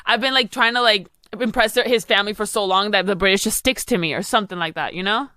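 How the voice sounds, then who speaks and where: A woman's voice: mid-range voice, fast, bright, forceful tone, clean tone, no room sound. A young woman hosting a podcast, giving advice in casual chat and rambling with lots of "like" and "you know". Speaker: podcast host.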